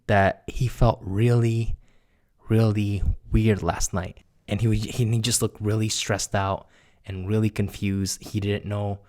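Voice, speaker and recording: A young man casually telling a true spooky story to his viewers, animated and laughing as he acts out what people said. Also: on the low side. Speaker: storyteller vlogger.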